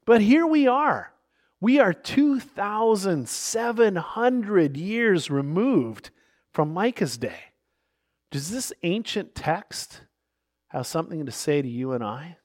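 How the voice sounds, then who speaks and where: A male pastor delivers a sermon in a noticeably high voice. He reads scripture passages aloud and moves into illustrative stories. His delivery swings between hushed moments and emphatic stresses. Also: big pitch swings, slow.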